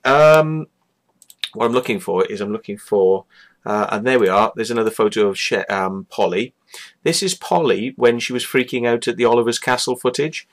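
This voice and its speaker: A man hosting his own show, ranting casually with lots of swearing, scorn and rambling asides. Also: lowish voice. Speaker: host. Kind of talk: casual profane rant.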